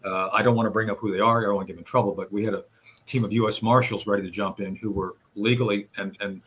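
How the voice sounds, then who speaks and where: A man recounting a series of events in recorded testimony, speaking deliberately with frequent hesitations and restarts. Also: on the low side, fairly even intonation, a bit bright, slight background noise. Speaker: whistleblower advocate recounting events. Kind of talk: recorded testimony played on a radio show.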